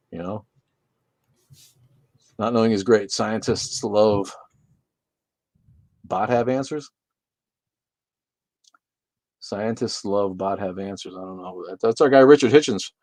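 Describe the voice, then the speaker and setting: A man with a somewhat low voice runs a casual livestream from his room, reading viewer comments and firing back sarcastic, swearing jokes. The sound is dry and close, with no room echo. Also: a little mellow. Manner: sarcastic, joking, swears freely. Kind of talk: casual profane livestream chat.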